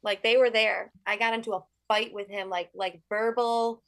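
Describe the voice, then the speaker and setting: A woman guest telling a story in casual chat, animated, full of "like" and swearing. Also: mid-range voice, normal speed, dry recording.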